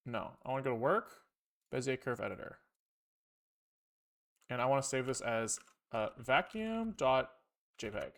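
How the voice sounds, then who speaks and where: A man streaming live as he codes, thinking aloud in a rambling, profane way with wry asides to his chat. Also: mid-range voice. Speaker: programming livestreamer. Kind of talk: casual live coding talk.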